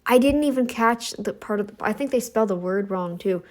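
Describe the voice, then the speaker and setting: A middle-aged woman hosting a commentary channel, talking in a sassy, scolding monologue aimed at her critics. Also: fairly quick. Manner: sassy, scolding, mocks others in high voices.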